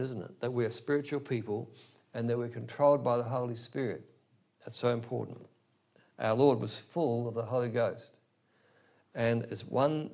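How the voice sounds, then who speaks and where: A man's voice: mid-range voice, a little mellow. A man preaching a sermon, explaining a scripture passage verse by verse with rhetorical asides to his listeners. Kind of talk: expository sermon.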